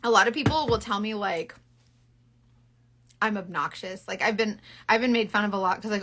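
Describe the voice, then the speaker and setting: A woman, chatting loudly and bubbly on a live stream and reading out viewer comments. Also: mid-range voice. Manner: loud, bubbly and animated, fast bursts with laughs. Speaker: beauty seller hosting a live stream.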